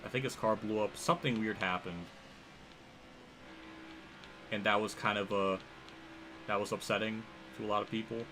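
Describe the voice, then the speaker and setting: A young man livestreaming a racing game, rambling and thinking aloud as he reacts loudly to the action on track. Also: lowish voice, fairly even intonation, normal speed, pauses often, background noise. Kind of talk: live gameplay commentary.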